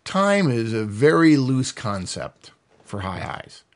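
A middle-aged man co-hosting a podcast in a fast, animated manner, often breaking into laughter. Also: mid-range voice. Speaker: podcast co-host. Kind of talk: animated casual chat.

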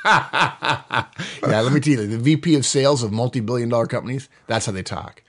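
A middle-aged man hosting a podcast, explaining in a casual, animated way and acting out quoted voices. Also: medium pitch, moderate pace. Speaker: podcast host.

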